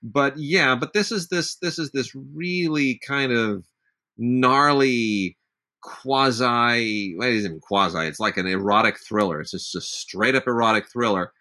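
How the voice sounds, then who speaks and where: A man's voice: mid-range voice, a little slow, pushed and bright. A middle-aged man co-hosting a casual film discussion, talking in an enthusiastic, knowledgeable way and dropping names. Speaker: podcast co-host.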